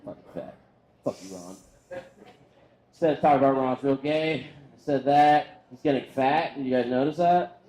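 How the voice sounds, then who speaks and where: A man's voice: mid-range voice, normal speed, pauses often, warm tone, reverberant, poor audio. A man doing a crude, rambling roast set on stage, making fun of himself along the way. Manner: crude, rambling, self-deprecating delivery. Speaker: roast comedian. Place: comedy venue with crowd.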